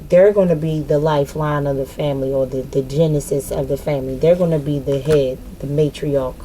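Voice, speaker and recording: A woman's voice: low voice, fairly even intonation, a little fast, warm tone, a little hiss or hum, poor audio. A woman giving a casual spiritual card reading, talking frankly and cursing freely.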